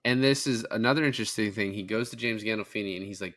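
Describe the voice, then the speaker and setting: Bright-voiced man recapping a film. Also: low-pitched, fast talker, few pauses. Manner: animated retelling of scenes, swears freely. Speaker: podcast co-host. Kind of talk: casual film review chat.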